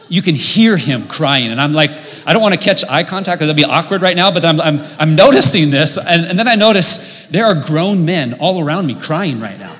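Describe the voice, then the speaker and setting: A middle-aged man preaching a sermon in a church auditorium, telling stories with sudden swings between loud and quiet. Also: fairly high pitch. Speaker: pastor. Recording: long reverb of a large hall.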